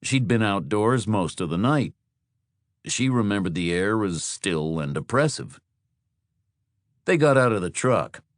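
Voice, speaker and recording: A man narrating an audiobook thriller in a measured, descriptive storytelling style. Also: lowish voice, animated, dry recording, studio quality. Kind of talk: scripted narration.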